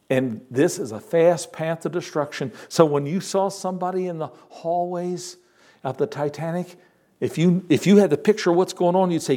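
Male pastor, fairly high voice; urgent sermon delivery with loud peaks and quiet asides. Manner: earnest, urgent preaching with sudden loud rises and soft drops.

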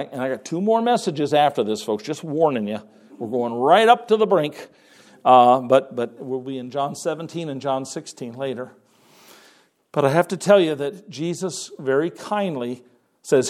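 A man delivering a sermon with a slightly raised pitch. His delivery is conversational and unpolished, with pauses and repeated words as he works through his points. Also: darkish tone. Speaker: preacher.

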